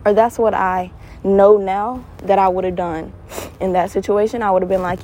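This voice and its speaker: Young woman podcast host, animated solo talker, mid-range voice. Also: medium pitch, fast talker, rough recording. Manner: animated storyteller, laughs often, swings to earnest advice. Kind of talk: casual solo monologue.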